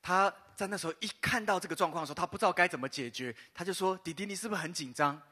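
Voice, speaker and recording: A man, a pastor telling a personal story in a sermon, pausing in short bursts for an interpreter. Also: high-pitched. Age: 50s. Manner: lively storytelling pauses for an interpreter. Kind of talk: sermon testimony.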